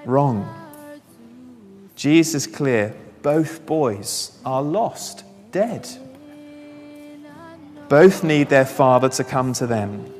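Preacher in an echoing hall. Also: male voice, mid-range voice, drawn-out words, pauses often, soft background music. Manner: animated storytelling, reads scripture aloud, asks the congregation questions. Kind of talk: sermon. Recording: long reverb of a large hall.

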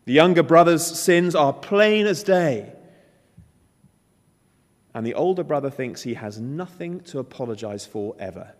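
A man's voice: fairly high pitch, animated, unhurried. A man preaching a sermon, emphatic and storytelling, acting out the characters' lines. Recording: long hall reverb.

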